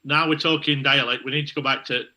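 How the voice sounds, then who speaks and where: Bright-voiced South Yorkshire man, teasing. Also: mid-range voice, steady tone, fast. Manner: teasing, playful dialect banter. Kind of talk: casual chat.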